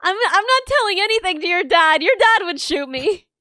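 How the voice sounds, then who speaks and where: A woman's voice: extremely high pitch, expressive, normal speed, bright, forceful tone, a little hiss or hum. A woman streamer chatting casually and teasing her friend bluntly, laughing often. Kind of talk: casual chat on a live stream.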